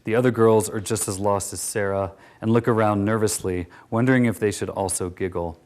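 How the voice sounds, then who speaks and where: A man reading a first-person story, low voice. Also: steady tone, brisk, a little mellow. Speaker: narrator.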